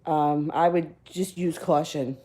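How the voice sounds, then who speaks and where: A woman reads tarot cards live for her viewers, her voice low and mellow. She talks casually and a little rambly, catching and fixing her own words as she goes, with small chuckles in between. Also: steady tone, slow. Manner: casual, rambling, self-correcting. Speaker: tarot reader. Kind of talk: live-stream tarot reading.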